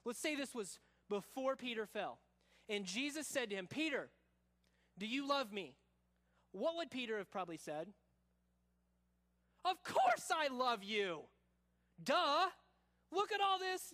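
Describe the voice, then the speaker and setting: Male pastor with a high voice, expository sermon, casual asides, quiet dramatic drops. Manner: expository preaching, drops to soft low tones for quoted lines; casual asides, says y'all.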